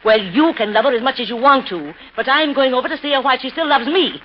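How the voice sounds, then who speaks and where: An actress playing a scheming, sharp-tongued niece who switches between biting scorn and sugary sweetness, in a 1930s radio drama. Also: high-pitched, fast, slight background noise, lightly acted. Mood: scornful. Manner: scornful and biting, sugary when it suits her. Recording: dull lo-fi 1930s radio recording.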